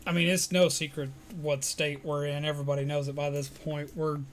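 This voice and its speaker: A man's voice: fairly high pitch, little pitch movement, a little fast, slight background noise. A man in casual live-stream chat, answering viewer comments while recovering from illness. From Alabama, US.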